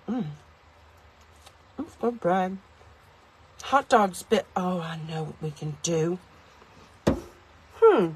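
A woman's voice: on the low side, lively intonation, slow pace, pauses often, a little mellow, slight background noise. A woman reviewing a kitchen gadget from inside her car, rambling and joking at her own expense as she talks to viewers. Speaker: product reviewer. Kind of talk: casual product review vlog.

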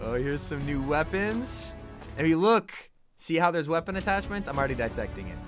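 A man doing live, excitable reaction commentary as a gaming streamer, chatting with his viewers. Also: on the high side, normal speed, music in the background. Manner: excitable, chatty, addresses chat.

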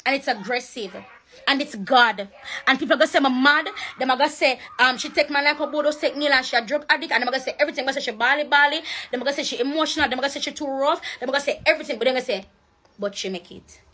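A woman's voice: sits high, racing, pushed and bright. A woman, speaking into a phone on an emotional, preachy livestream and crying at times. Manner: emotional and preachy, switching between patois and standard English. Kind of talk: impassioned livestream rant.

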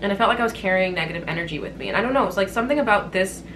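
Girl in her 20s rambling a storytime to her camera, swears a lot, mid pitch, faint hiss behind. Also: expressive, rapid-fire. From Canada. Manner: candid, swears freely, rambling with fillers. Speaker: vlogger. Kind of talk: casual storytime vlog. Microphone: compact camera on-board mic.

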